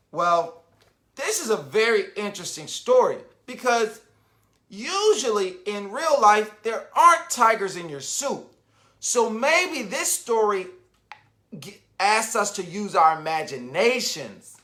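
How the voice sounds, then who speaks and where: Lively bright-voiced man reading to kids. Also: sits high. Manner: animated, asks the listener questions and pauses to wonder. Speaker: children's book reader. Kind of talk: reading a picture book aloud to children.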